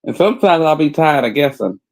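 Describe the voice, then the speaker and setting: A man chatting casually on a livestream, making wry, sarcastic jokes in a drawn-out delivery. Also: a little high, animated, vocal fry, a little mellow, no echo, poor audio. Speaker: stream co-host. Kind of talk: casual gossip chat.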